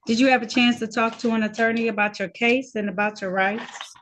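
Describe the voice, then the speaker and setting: A woman's voice: on the high side, fairly even intonation, brisk, a bit bright, a little hiss or hum. A woman serving as judge in a court hearing held over a video call, talking in a firm, direct and sometimes scolding way.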